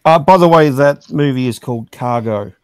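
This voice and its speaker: A man's voice: mid-range voice, moderate pace, darkish tone, clean tone, dry recording. A man co-hosting a casual movie review podcast, talking hesitantly with frequent restarts. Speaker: podcast co-host.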